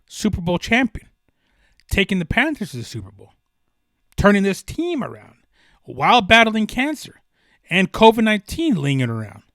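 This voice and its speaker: A young man riffs through a solo sports podcast, his voice bright and a touch high. He talks with fervent emphasis, circling back and restarting his thoughts. The sound is dry and close. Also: dry recording. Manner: passionate, emphatic, rambling with restarts. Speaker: podcast host.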